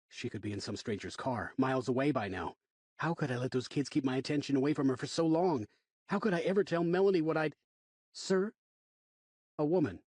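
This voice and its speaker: A man narrating a first-person horror audiobook in an expressive, wry way. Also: medium pitch, breathy edge, dry recording.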